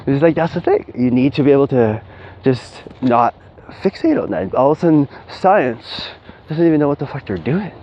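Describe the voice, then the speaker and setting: Man, mid pitch, loose rambling monologue, acts out quotes, muffled lo-fi audio. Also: lively intonation, normal speed. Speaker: spiritual advice speaker. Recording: dull lo-fi audio with faint hiss.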